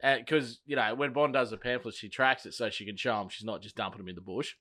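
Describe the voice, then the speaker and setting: A man's voice: medium pitch, fast talker, pushed and bright. A man in his thirties with an Australian accent, telling a sweary story in casual podcast banter. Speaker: podcast co-host.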